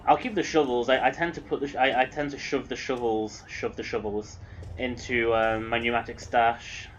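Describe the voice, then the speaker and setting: A man's voice: medium pitch, fairly even intonation, moderate pace, a bit bright, muffled recording, a little hiss or hum. An English man giving rambling, casual commentary while streaming a video game, swearing now and then. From England.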